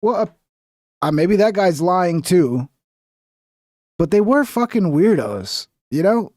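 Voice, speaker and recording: A man's voice: a little high, a little mellow, dry recording, clean studio sound. A young man streaming casual commentary over a video, rambling and profane, with conspiratorial asides.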